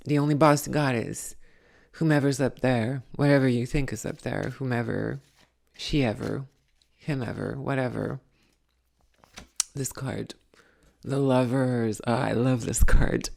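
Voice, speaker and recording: A woman's voice: extremely low pitch, vocal fry, darkish tone, exaggerated voice. A woman channeling a blunt, salty female spirit who reads tarot cards and scolds the listener.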